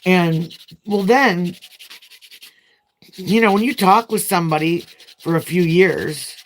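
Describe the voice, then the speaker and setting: A woman's voice: lowish voice, slow pace, a little hiss or hum. A woman chatting casually as a nail vlogger while she does her nails, telling a long, frank, rambling story.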